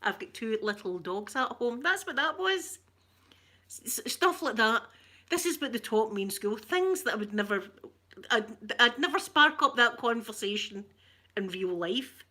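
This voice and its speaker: Bright, chatty Glaswegian woman. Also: fairly high pitch, animated, normal speed. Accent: Glaswegian Scottish. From Scotland. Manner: chatty, laughs often, greets viewers by name. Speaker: live stream host. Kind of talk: casual chat with viewers.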